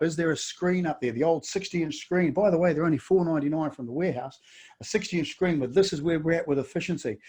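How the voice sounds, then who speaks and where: Kiwi-accented middle-aged bloke coaching business owners in a webinar, a bit high-ish but mellow tone, pushy rhetorical questions. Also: male voice. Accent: New Zealand. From New Zealand. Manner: emphatic, repeats words and fires off rhetorical questions. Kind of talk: webinar presentation.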